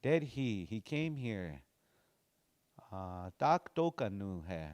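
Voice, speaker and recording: A man teaching a language class, slowly repeating phrases to drill pronunciation, with casual, folksy explanations. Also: lowish voice, big pitch swings, darkish tone.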